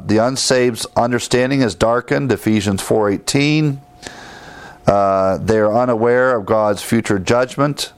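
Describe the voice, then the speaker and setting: A man's voice: mid-range voice, clean tone. A man teaching a sermon, emphatic, repeating key phrases and citing scripture verses. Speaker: preacher.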